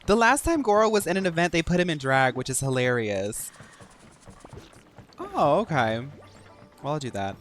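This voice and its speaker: A man's voice: on the high side, big pitch swings, normal speed, long pauses, a bit bright, slight background noise. A young man chatting casually and joking while streaming a game. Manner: chatty, joking, self-mocking. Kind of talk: casual gameplay commentary.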